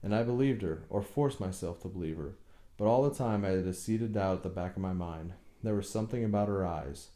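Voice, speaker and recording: A man's voice: low voice, a little fast, warm tone, echoey room, close to an everyday voice. A man voicing a tormented older husband who talks in a brooding, bitter way in an audiobook reading. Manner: brooding, bursts into bitter anger.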